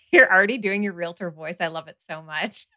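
Bright-voiced woman hosting a podcast. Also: fairly low pitch, normal speed, no room sound, studio quality. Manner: warm, effusive, laughs often. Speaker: podcast host. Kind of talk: casual podcast chat.

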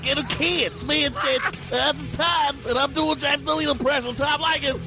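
A man doing a high creaky mock impression. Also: fairly even intonation, moderate pace, over music. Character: man mimicking another comic's impression. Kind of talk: comedy bit played back.

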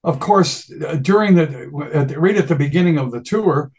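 An older man, a guest musician, telling stories from the road in a casual, animated way and acting out voices. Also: a little high, normal speed. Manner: animated, laughing, acts out voices in quotes. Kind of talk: casual storytelling.

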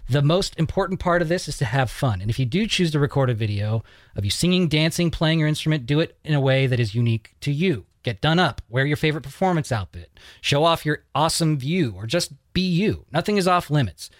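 Brief: male podcast host, relaxed and joking, a touch high-pitched, dead-dry booth sound. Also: a little fast, no echo. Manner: loose, joking, swears casually. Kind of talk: casual podcast chat.

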